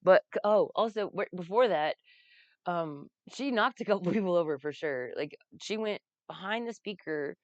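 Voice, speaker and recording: A woman's voice: lowish voice, expressive, moderate pace, no room sound, muffled recording. A woman telling casual, rambling stories, laughing often and swearing freely. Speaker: vlogger recounting a comedy festival. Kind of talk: casual storytelling.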